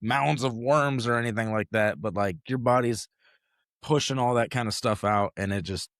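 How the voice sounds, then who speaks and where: A man's voice: mid-range voice, normal speed, dry recording, studio quality. A man chatting casually on a podcast, rambling with lots of fillers. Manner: relaxed, rambling with frequent fillers. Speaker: podcast host. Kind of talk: casual chat. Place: home podcast setup.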